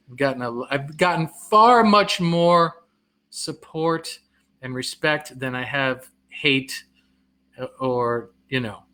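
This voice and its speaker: On his live stream, a middle-aged comedian reads viewers' comments out loud and responds, often laughing at his own expense. He's quick to laugh and self-deprecating. His pitch is medium, with a sharp tone.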